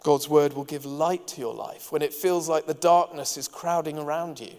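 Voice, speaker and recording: A man's voice: on the high side, normal speed, a little mellow. A man preaching a sermon as pastor, earnest and engaging, with light asides to the congregation. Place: church hall. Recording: long hall reverb.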